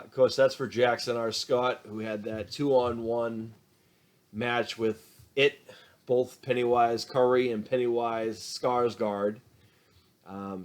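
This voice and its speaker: A middle-aged man hosting a show and reading fan emails in a rambling, casual way, with many restarts and fillers. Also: lowish voice. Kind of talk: casual talk to camera.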